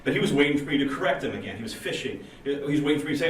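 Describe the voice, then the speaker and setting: A man giving a conference talk to a room of engineers, chatty and lively, acting out the people in his stories. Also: mid-range voice, very fast. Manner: lively, conversational, acts out quoted people. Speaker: conference speaker. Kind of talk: technical conference talk with storytelling. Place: meeting room at a user group event. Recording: roomy and distant with faint noise.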